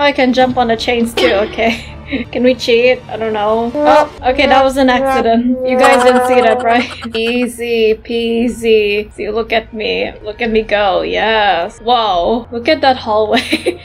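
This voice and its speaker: A woman playing a game and commenting as she goes, giggling often and squealing when she slips. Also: on the high side. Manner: giggly and excitable, laughs often. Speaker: gaming YouTuber. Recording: background game music.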